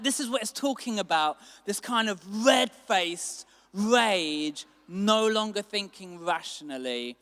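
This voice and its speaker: A man preaching a sermon as a pastor, animated and acting out quotes with sudden bursts of loudness. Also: high-pitched, moderate pace, few pauses. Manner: animated, acts out quotes with big swings in loudness. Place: church hall. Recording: long hall reverb.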